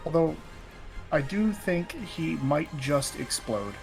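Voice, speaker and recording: A man playing a tabletop game, lively and joking. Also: a little high, slow pace, gravelly, soft background music. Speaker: player. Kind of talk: casual tabletop play.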